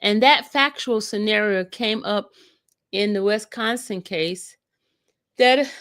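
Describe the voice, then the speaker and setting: Slow-reading woman with allergies. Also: medium pitch, fairly bright tone, clear, resonant tone, no echo. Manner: slow, deliberate reading with asides. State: coughing and sniffly from allergies. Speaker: YouTube host reading a court transcript. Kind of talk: reading a transcript aloud.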